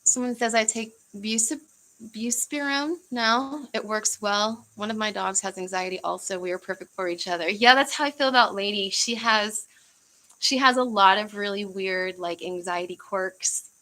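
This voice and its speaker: A woman's voice: medium pitch, fairly even intonation, normal speed, pushed and bright, poor audio. A young woman from the United States chatting casually on a livestream, rambling with fillers and easy laughs. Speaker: livestream host.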